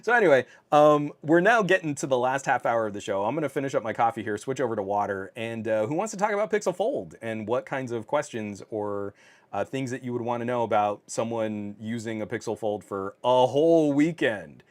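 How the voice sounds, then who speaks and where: A man's voice: medium pitch, lively intonation, brisk. A man hosting a casual tech livestream from his home office, reading viewer comments, laughing often and talking with many fillers. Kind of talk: casual live-stream chat. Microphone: on camera.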